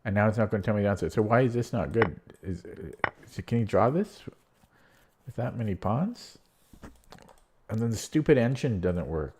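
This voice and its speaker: Deep voiced guy mumbling through chess puzzles, annoyed, clicky noisy background. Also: lively intonation, normal speed, a little mellow. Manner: muttering to himself, frustrated and exasperated. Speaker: chess streamer. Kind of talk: casual thinking aloud while solving puzzles.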